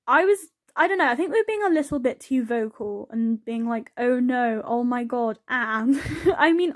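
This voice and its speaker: A woman chatting casually over gameplay as a voice-over, rambling and giggly, with lots of "like"s. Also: high-pitched. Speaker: YouTuber narrating a game build.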